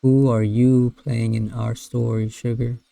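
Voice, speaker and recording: A man's voice: mid-range voice, level tone, a little slow, vocal fry, dark tone, no room sound. A man reading out a chat log as a sinister, possessive male entity who speaks of himself as "we", in a teasing, menacing way.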